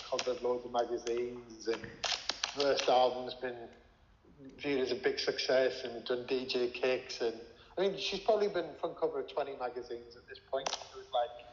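A man's voice: mid-range voice, a little hiss or hum. Rambling man in an echoey room. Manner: rambling, frequent swearing and filler words. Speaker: interview guest, former music manager. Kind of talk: casual storytelling. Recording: echoey room with long reverb, dull lo-fi sound.

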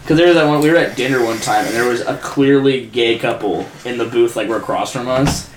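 A man's voice: medium pitch, fairly quick. Laughing young man telling stories, echoey room. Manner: laughing, swearing storyteller who acts out his dad loudly. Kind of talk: casual chat. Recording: echoey room, faint noise.

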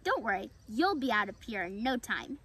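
A woman voicing an excitable, chatty little male squirrel with a high, quick voice in a storybook reading. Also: slightly rough, heavily acted. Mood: cheerful.

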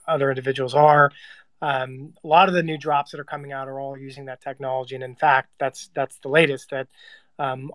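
A man's voice: a little high, dry recording. Man talking in a dry close room. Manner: rambling, repeats words while thinking. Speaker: host. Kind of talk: casual panel discussion.

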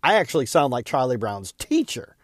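Guy telling his own story on a podcast, average pitch, earnest, trips over words a bit, dry close sound. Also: sing-song, fairly quick, no room sound. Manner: earnest, candid, with small stumbles and repeats. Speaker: podcast host.

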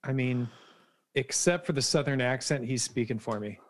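A man's voice: medium pitch, moderate pace. A man co-hosting a podcast, chatting loosely with profane, laughing banter. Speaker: podcast co-host. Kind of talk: casual podcast chat.

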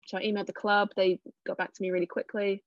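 A young English cricketer in her 20s answers interview questions casually, chatty and self-deprecating with many fillers. Her mid-range voice has little pitch movement and a quick pace, and the recording sounds dull and dry.

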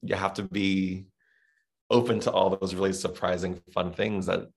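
A middle-aged Southern man chats as a podcast guest, thinking aloud and circling back on his words. His voice sits very low and carries a gravelly rasp. He talks in a casual, reflective way. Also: level tone, moderate pace. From Texas, USA. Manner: reflective, rambling with many restarts and fillers. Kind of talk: casual interview chat.

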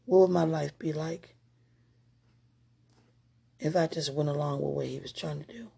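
A woman's voice: low voice, fairly even intonation, moderate pace, creaky, dark tone, breathy edge. A woman giving an emotional personal testimony, talking straight to her partner in a heartfelt, rambling way with prayerful asides.

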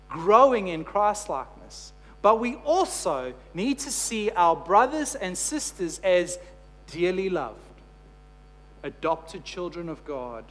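A man's voice: high voice, a bit bright. A man preaching a sermon. He tells a story and then builds to emphatic, repeated phrases. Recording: long hall reverb with faint hum.

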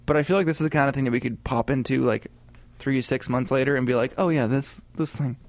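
A man co-hosting a casual gaming podcast, talking in a chatty, rambling way with animated asides. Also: medium pitch, quick pace, no room sound. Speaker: podcast co-host.

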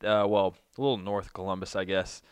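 A man's voice: deep voice, steady tone, fairly quick, clean tone, no echo. A man hosting a sports and beer podcast who talks casually, often hesitating and correcting himself. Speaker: podcast host.

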